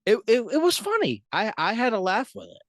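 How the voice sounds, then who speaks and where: A man's voice: high-pitched, sing-song, fairly quick, a bit bright, no echo. A man discussing a movie in a casual podcast chat, giggling and stammering through restarts.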